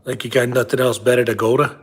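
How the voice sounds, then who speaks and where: A man's voice: mid-range voice, level tone, fast talker, husky, natural voice. A comedian playing a nagging middle-aged father who drives a bus, scolding his son over and over. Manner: scolding, repetitive, drops to hushed whispers. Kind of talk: comedy character monologue.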